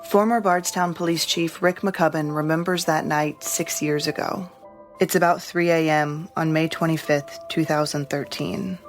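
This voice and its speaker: Female reporter for scripted news narration; low, flat, measured read over light music.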